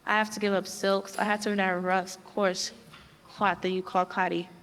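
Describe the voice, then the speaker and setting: A woman's voice: medium pitch, level tone, normal speed, fairly bright tone, natural voice. A headstrong young daughter, played by a woman talks back defiantly. Her voice trails into a long hall reverb. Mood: pleading. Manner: defiant, pleading.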